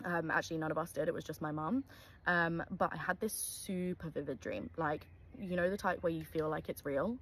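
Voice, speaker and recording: A woman's voice: sits low, normal speed, fairly bright tone, slight background noise, low-quality recording. A young woman telling a true story in a casual, chatty way, full of "um" and "like". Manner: chatty, lots of fillers like "um" and "like".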